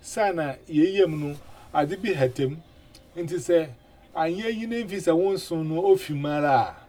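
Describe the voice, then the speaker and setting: A man hosting a casual radio chat, animated and full of 'eh' fillers and repeated words. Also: fairly high pitch, a little slow. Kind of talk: casual chat in mixed languages.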